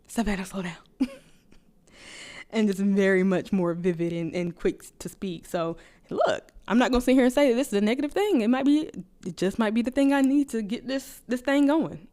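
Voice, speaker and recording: A woman vlogger chats casually to the camera, talking fast and rambling while laughing often, clearly energized on caffeine. Her fairly high-pitched voice is animated and warm.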